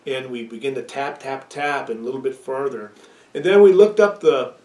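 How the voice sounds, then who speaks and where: A man's voice: mid-range voice, moderate pace, mellow. A man preaches in an earnest, storytelling way, often restarting his phrases before he lands them. His voice sits in a middle range. He is heard from a little distance, in a room that echoes. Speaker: pastor. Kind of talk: sermon. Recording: echoey room, away from the mic.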